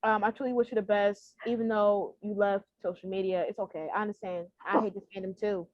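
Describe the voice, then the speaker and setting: A woman's voice: medium pitch, flat delivery, brisk, no room sound. A young woman co-hosting a podcast in casual chat, emotional, pleading and laughing, swearing freely. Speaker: podcast co-host. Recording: dry, dull lo-fi sound.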